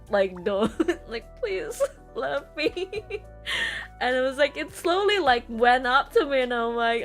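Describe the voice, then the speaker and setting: A woman's voice: a little high, a bit bright. A woman streamer chatting casually and rambling, laughing often between stories, with squeals of disgust. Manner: rambling, giggly, lots of laughter and fillers. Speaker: VTuber streamer.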